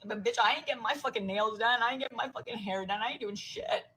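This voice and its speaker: A woman's voice: on the high side, fast, sharp tone, slight background noise, rough recording. Tearful American mother ranting, swearing. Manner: profane, raw, voice breaking into whispers. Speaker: working mother venting online. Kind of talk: emotional rant to camera.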